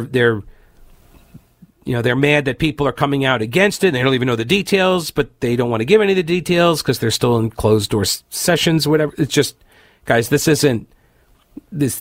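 A man hosting a political talk radio show, giving animated, exasperated commentary with many fillers and restarts. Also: mid-range voice, vocal fry, no room sound, studio quality.

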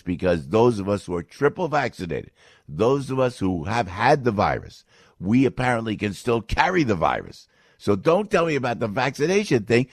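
A man's voice: lowish voice, no room sound, clean studio sound. An older man ranting in political commentary, rambling and exasperated, with frequent stops and restarts.

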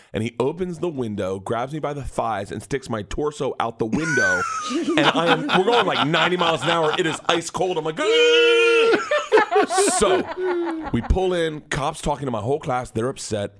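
A man telling a rowdy story on a morning radio show, his voice sweeping up and down as he acts out every character. He bursts into loud laughs and keeps the energy high. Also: huge pitch swings, a little fast, very noisy. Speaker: comedian guest. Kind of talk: animated storytelling. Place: radio studio.

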